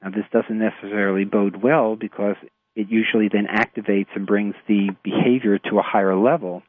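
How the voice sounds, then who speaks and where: A man with a New York accent, a therapist explaining his clients' struggles in a measured, halting way with many fillers. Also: on the low side, fairly even intonation, dry recording. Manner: measured, hesitant with frequent fillers. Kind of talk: explanatory radio talk. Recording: tinny phone-like radio audio.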